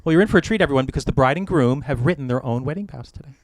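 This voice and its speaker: A middle-aged American man officiating a wedding, giving joking, gentle advice to the couple. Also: medium pitch, animated, very fast, background noise. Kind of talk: wedding ceremony address. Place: outdoor or hall wedding ceremony.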